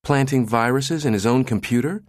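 A man's voice: medium pitch, moderate pace, no echo, studio quality, voice pushed up, close to an everyday voice. A man voicing a nervous, exasperated male office assistant who pleads in a flustered way.

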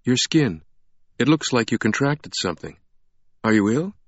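A man's voice: mid-range voice, sing-song, normal speed, slightly rough, no room sound, dull audio, voice pushed up. A man voicing a blunt, forthright young woman in an audiobook, asking direct questions. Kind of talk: audiobook character reading.

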